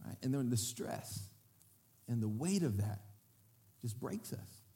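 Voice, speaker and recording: A man preaching a sermon to his congregation. He speaks in a lively way, asks the crowd to repeat words back to him, and often acts out what other people say. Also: medium pitch, slow pace. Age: adult parent. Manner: lively, often breaks into acted quotes. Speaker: pastor.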